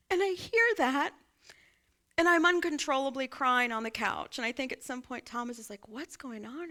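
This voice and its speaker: A woman's voice: sits high, measured pace. A woman pastor, preaching a sermon and telling a personal story, often asking her listeners "right?". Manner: warm conversational, asks congregation "right?". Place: church sanctuary.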